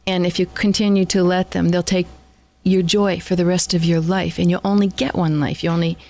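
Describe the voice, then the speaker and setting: A woman co-host with a lower-pitched voice speaks in a measured, encouraging way. She recalls earlier conversations and reflects with the guest. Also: level tone, warm tone. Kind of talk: conversational interview.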